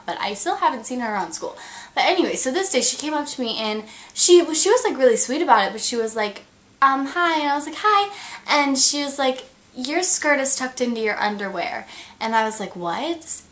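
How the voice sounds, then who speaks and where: Chatty teenage girl saying "like" a lot. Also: fairly high pitch. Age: teens. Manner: chatty, says "like" constantly, acts out quoted lines. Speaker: vlogger. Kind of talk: casual storytelling vlog.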